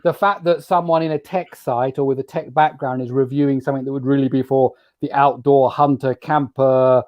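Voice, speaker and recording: A man's voice: mid-range voice, fairly even intonation, brisk, dry recording, muffled recording. A man with a British accent, a guest on a podcast, explaining things in an orderly way with wry, dry humor. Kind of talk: casual interview chat.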